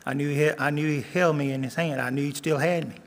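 An older man preaching a sermon as a guest preacher, earnest, repeating lines and slowing down for emphasis. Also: fairly high pitch, fairly even intonation. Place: church sanctuary. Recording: long church reverb.

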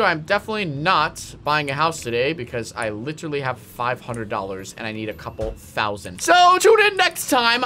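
A man hosting a gaming video, giving playful, excitable commentary as he plays. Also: sits high, a little hiss or hum. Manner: excitable, exclaims and laughs often.

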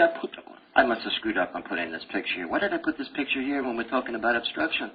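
A man's voice: on the low side, quick pace. A middle-aged man giving a live medical lecture, joking and telling stories to his students in a lecture hall. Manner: animated, jokey storytelling with laughs. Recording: dull lo-fi lecture-hall recording with faint hiss.

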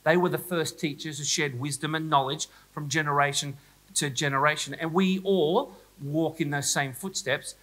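An Australian man speaks at a conference keynote, his voice bright and forward. He jokes with the audience and pokes fun at himself in a loose, chatty way. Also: a little high, steady tone, moderate pace, low-quality recording. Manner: playful, self-mocking, chatty with the audience. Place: school hall, live audience.

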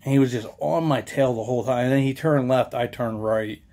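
Rambling young man, mellow voice. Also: medium pitch, brisk. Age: young adult. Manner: rambling, meandering, with many fillers and restarts. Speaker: local history vlogger. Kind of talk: rambling casual vlog.

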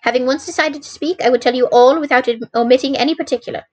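A woman voicing an anxious middle-aged landlady who pleads in a formal way. The voice sits higher than usual and rises as she grows agitated. It comes across as an old storybook reading. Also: quick pace, low-quality recording.

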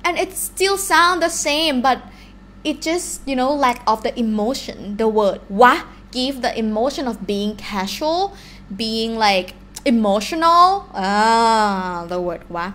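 A woman with a Thai accent, a native Thai speaker teaching a live online language lesson in an animated way. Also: fairly high pitch, moderate pace. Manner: animated, switches between English and Thai examples.

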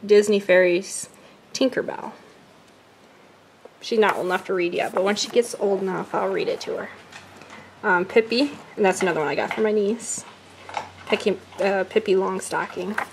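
A woman's voice: mid-range voice, fairly even intonation, a little hiss or hum. A woman vlogging casually at home, chatting while she unboxes and reads out comic titles. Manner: chatty, slow when reading titles.

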